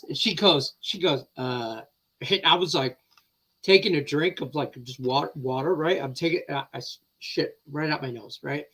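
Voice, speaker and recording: A man's voice: fairly high pitch, measured pace, a bit bright. A man in his thirties co-hosts a casual chat show. He tells stories in a loose, rambling way, full of fillers, casual swearing and laughter. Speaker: co-host.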